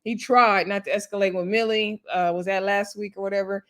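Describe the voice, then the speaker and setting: Lady chatting through a reality show recap, easygoing, laughs a lot, fillers everywhere, medium pitch. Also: fairly even intonation, a little fast. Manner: laid-back, laughing asides, frequent fillers. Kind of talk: casual chatty episode recap.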